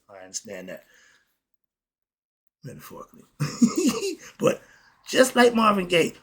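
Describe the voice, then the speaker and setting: A man's voice: medium pitch, creaky, breathy edge. A middle-aged man delivering an emphatic, preachy spoken rant as the host, often asking "okay?". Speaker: commentary host.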